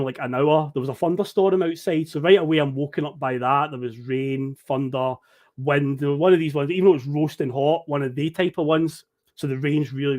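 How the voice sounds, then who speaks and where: A Scottish man spinning a long, animated story for a podcast, swearing freely and laughing along. His voice sits a little high for a man, and he talks over an online call. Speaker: podcast guest. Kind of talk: casual storytelling.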